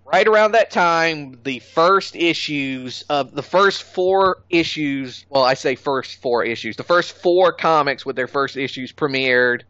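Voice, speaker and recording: Opinionated man ranting about comics, bright voice. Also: on the high side, unhurried, hardly any pauses, no room sound. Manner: blunt, opinionated, swears, laughs at his own jokes. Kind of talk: casual chat. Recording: dull lo-fi sound.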